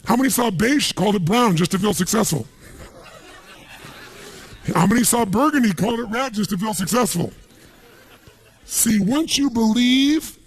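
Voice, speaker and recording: Gravelly husky american guy pumping up a big seminar crowd, commanding, keeps firing calls back at the room, a bit higher pitched than most men. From United States. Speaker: motivational speaker. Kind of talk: stage seminar talk to a live audience. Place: large seminar hall.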